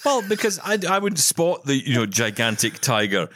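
A man co-hosts a podcast, chatting casually and telling stories sprinkled with jokey asides. His medium-pitched voice has a sing-song lilt and a fairly bright tone at a normal speed. The recording is dry and clean, with studio quality.

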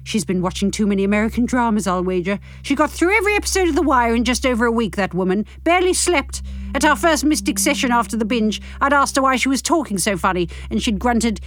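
Lively woman reading her novel. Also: on the high side, quick pace. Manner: self-deprecating, chatty. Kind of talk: podcast chat and reading aloud.

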